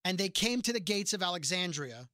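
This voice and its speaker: On a casual podcast, a man co-hosts and recaps episodes of a TV show, acting out lines from scenes as an animated storyteller. His voice sits high and he talks briskly, captured in a dry, clean studio recording.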